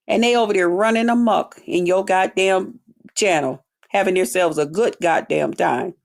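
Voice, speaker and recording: With a fairly low, creaky voice at a normal pace, a woman livestreaming vents bluntly to her chat. The rant is heavy on profanity and drawled, mocking quotes.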